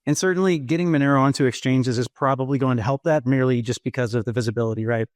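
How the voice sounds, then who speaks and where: A man's voice: medium pitch, steady tone, rapid-fire, a little mellow, dry recording. Guy calling in from the gym, kinda out of breath, rambly with lots of ums, dry close sound. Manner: rambling, hedging, full of ums and you-knows. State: slightly out of breath. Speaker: discussion participant. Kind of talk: casual online group discussion.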